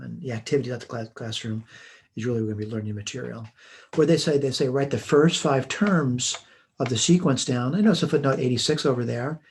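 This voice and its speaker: Writing on a tablet and captured by a computer mic, a man works methodically through homework problems in a recorded math lesson. His mid-range voice has a darkish, slightly rough tone.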